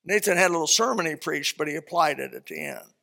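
A man preaching a sermon, retelling a Bible story in an animated, conversational way. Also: on the high side, fast, vocal fry.

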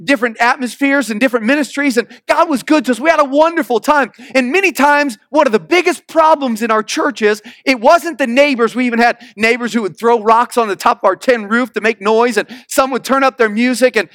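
Male preacher, sermon, emphatic, calls out to the congregation, very high voice, dry close sound. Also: fairly bright tone, no room sound. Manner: emphatic, calls for congregation responses, reads scripture slowly. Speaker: pastor, missionary preacher.

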